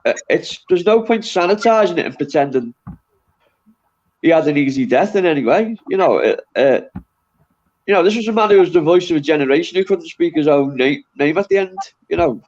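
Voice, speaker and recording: A man's voice: on the high side, big pitch swings, a little fast, darkish tone, highs cut off. A man hosting a casual chat over a video call, reflective and agreeable, with many fillers.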